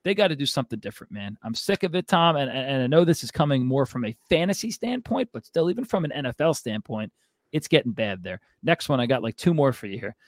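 A man's voice: medium pitch, big pitch swings, quick pace, dry recording. A man co-hosting a sports podcast, ranting in a fired-up, exasperated way. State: out of breath. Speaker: podcast co-host.

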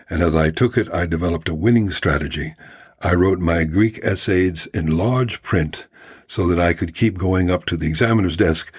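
Man playing a vain, witty Victorian writer: deep, breathy voice, arrogant and theatrical, no accent. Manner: delightful, arrogant, theatrical air.

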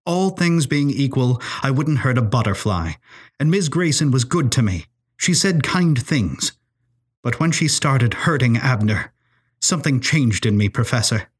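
A man voicing a steely, defiant young girl who speaks firmly and evenly, with a husky voice. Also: medium pitch, measured pace. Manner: firm, even delivery.

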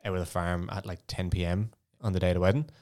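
Young Irish bloke, podcast co-host, low voice, laughs easily while telling stories. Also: male voice, steady tone, fast talker, darkish tone. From Ireland. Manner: laughing, swearing, storytelling. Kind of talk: casual chat.

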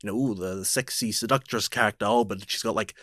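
A man's voice: fairly low pitch, quick pace, fairly bright tone, dry recording, clean studio sound. A man co-hosting a film review podcast, chatty and loose with many fillers. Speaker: podcast co-host. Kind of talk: casual film review chat.

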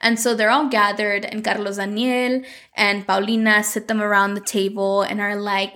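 A woman casually recapping a telenovela episode, quoting the characters in quick asides. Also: mid-range voice, little pitch movement, a bit bright. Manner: chatty, quotes characters in quick bits.

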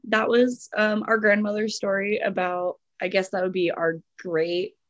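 A woman's voice: mid-range voice, flat delivery, measured pace, fairly bright tone, no room sound, lo-fi sound. A woman co-hosting a podcast in a casual chat, reading out a listener's story with lots of giggles, "like" and "um". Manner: giggly, filler-heavy, lots of "like" and "um". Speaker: podcast co-host.

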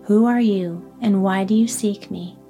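Woman putting on a booming wizard beast. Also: mellow, faint music behind, lightly acted. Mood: commanding. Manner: slow, booming, commanding. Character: great terrible male wizard as a roaring beast.

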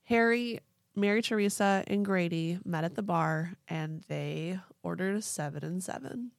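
Gravelly-voiced woman telling a story. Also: on the low side, a little slow, dry recording, clean studio sound. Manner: chatty, animated, swears casually, puts on voices for people in the story. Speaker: podcast co-host telling a true story. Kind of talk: casual storytelling chat.

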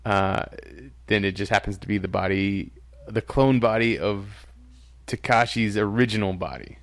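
A man's voice: on the low side, normal speed, dry recording. A man in casual chat reviewing a TV episode as a podcast host, chatty, often laughing and restarting his sentences.

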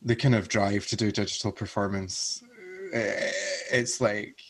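A man's voice: fairly low pitch, steady tone, measured pace. A Scottish man with a Glasgow accent, a drag performer chatting as a guest over a video call, casual and self-mocking with the odd swear. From Scotland. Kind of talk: casual chat.

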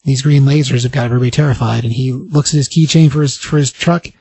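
A man hosting a podcast, casually recapping a comic book story in an animated way, briefly acting out the characters' lines. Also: mid-range voice, quick pace, breathy edge, no echo. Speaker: podcast host.

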